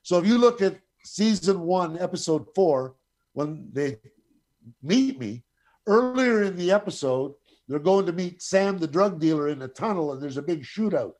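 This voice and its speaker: A man's voice: sits high, normal speed. A middle-aged man telling a long anecdote in casual talk, swearing freely and acting out the other people's lines. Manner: profane, animated, acts out quoted voices. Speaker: guest storyteller.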